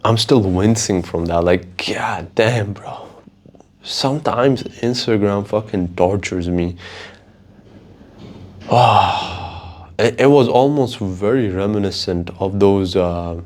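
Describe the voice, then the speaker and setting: Talking on his own, this podcast host rambles through lively, profanity-laden stories. His voice sits fairly low, and he speaks at a slow pace in a relaxed manner.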